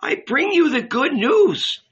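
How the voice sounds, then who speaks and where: A man voicing a fiery young male preacher with a high, cracked voice, speaking fervently. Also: sing-song, takes it slowly, muffled recording, full character voice. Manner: fervent, proclaiming. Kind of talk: audiobook reading.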